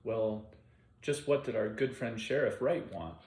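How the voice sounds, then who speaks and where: A man voicing a gruff, short-tempered small-town police chief who talks bluntly and swears. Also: fairly low pitch, unhurried, darkish tone, close to an everyday voice. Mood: curt. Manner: blunt, profane, drawling. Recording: roomy echo.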